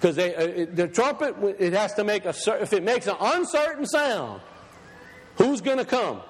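A man preaching a sermon, emphatic, reading scripture slowly and deliberately. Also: high-pitched, very animated, slightly rough, big-room sound.

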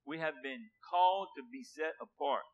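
A man preaching a sermon with passion, dropping to a hush and then rising loud, repeating words for emphasis. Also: a little high, moderate pace, lo-fi sound. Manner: impassioned, swinging from hushed to loud.

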